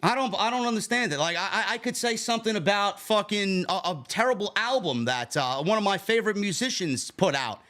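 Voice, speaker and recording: A man's voice: sits high, lively intonation, brisk, few pauses, sharp tone. A man co-hosting a wrestling podcast, indignantly ranting with profane rhetorical questions. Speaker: podcast co-host. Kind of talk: heated podcast rant.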